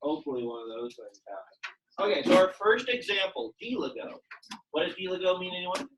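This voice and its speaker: A man's voice: sits high, sing-song, fairly quick, a bit bright, lo-fi sound, a little hiss or hum. A young man teaching a Latin class, speaking casually and quizzing his students with questions. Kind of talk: classroom lecture.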